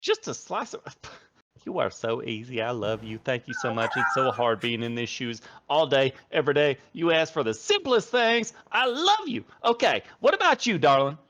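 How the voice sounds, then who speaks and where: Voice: mid-range voice, big pitch swings, moderate pace, a bit bright, pitched above the performer's own voice. A man voicing a rambunctious short human barmaid woman who gushes and swears cheerfully. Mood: gushing. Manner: gushing, flirty, swearing.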